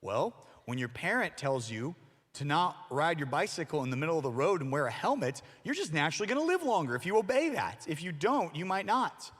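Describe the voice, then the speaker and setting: Guy preaching to kids, fairly high voice, jokey storytelling, big echoey hall. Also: fairly quick, breathy edge. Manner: animated storytelling with jokes and asides. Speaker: youth pastor. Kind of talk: youth sermon. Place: church hall. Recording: long reverb of a large hall.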